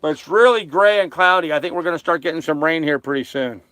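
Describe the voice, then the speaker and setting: A man's voice: fairly high pitch, quick pace, fairly bright tone, dry recording. An older man casually chatting with viewers on a live stream from his small sailboat, joking and laughing at his own jokes. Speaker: sailing vlogger on a live stream. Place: small sailboat cabin on a lake.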